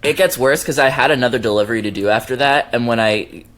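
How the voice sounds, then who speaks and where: A man's voice: medium pitch, fast talker, a bit bright. A young man, a podcast producer, telling stories casually and acting out the quotes as he goes, laughing often. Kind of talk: casual storytelling.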